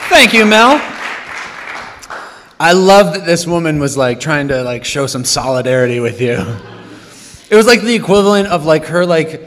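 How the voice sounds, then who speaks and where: A man hosting a live storytelling event, reacting to a story in an animated, loose way. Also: fairly high pitch, moderate pace, pauses often, big-room sound, some chatter behind, a little hiss or hum. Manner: animated, many likes. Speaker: host.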